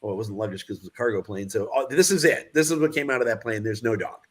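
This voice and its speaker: Animated man in his sixties telling stories. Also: on the low side, fast talker. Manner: animated anecdote-telling, acting out the voices of others. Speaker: guest filmmaker. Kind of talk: casual storytelling interview.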